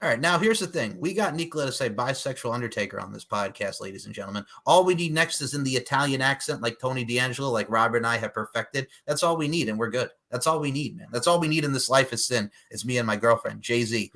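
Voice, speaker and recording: A man hosting a wrestling podcast, talking loudly and jokingly, breaking into rap lyrics and hype calls. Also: medium pitch, animated, fast, hardly any pauses. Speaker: podcast host. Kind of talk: casual wrestling podcast chat.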